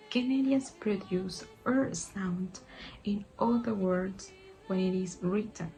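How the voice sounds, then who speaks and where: Slow, mellow woman explaining. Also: medium pitch, rough recording. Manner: measured, explanatory reading. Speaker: teacher. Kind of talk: scripted narration.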